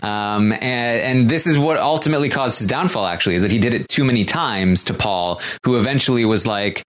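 A man co-hosting a podcast discussion. He lays out points in a measured, analytical way and poses open questions. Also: mid-range voice.

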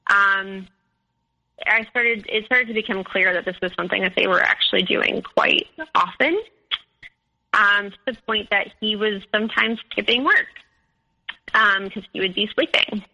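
A woman's voice: mid-range voice, moderate pace, pushed and bright, low-quality recording. A woman on a podcast telling her own story in a hesitant way, with many ums and likes. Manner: hesitant, full of "um" and "like". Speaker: podcast guest. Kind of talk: recounting a personal story.

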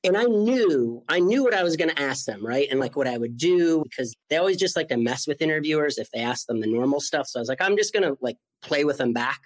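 A man in his forties telling a story as an interview guest, animated and full of "like" fillers. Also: on the high side, fast talker, few pauses. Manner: animated, acts out quoted voices, many "like" fillers. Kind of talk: storytelling in conversation.

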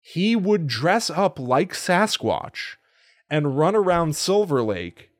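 A man's voice: fairly high pitch, very animated, slow pace. Man casually retelling a film plot. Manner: amused storytelling with frequent laughs. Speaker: podcast host.

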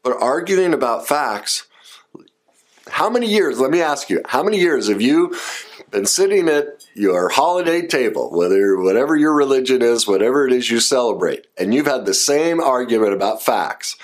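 A man's voice: medium pitch, animated, moderate pace. A man giving advice to listeners as a coach, talking emphatically and acting out short example quotes. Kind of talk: direct-address advice talk.

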